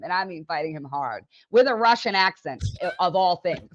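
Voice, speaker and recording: A woman with a fairly low voice spins a story casually, laughing often and slipping into voices for the people she quotes. The audio is dull and lo-fi, with a dry, close sound. Her delivery is lively and chatty. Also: normal speed, hardly any pauses, no echo. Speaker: podcast guest, business owner.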